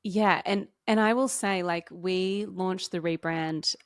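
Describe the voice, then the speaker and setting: A woman's voice: lowish voice, no echo. Encouraging woman guest, dry close sound. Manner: earnest, encouraging, speeds up and slows down. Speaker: podcast guest, marketing coach. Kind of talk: casual conversational interview.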